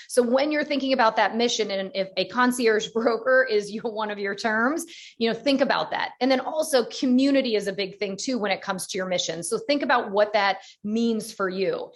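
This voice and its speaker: A woman's voice: on the high side, a little fast. A woman teaching a business-planning session, walking listeners through each step in an encouraging, conversational way. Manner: encouraging, explains step by step with many "you know"s. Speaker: real estate business coach. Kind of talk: instructional webinar talk.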